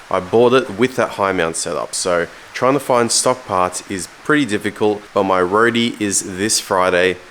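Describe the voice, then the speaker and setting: A man's voice: sits low, a little hiss or hum. A young Australian man casually telling a story in his car vlog, swearing and acting out the people he quotes. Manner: swearing, animated retelling with quoted voices. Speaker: car vlogger.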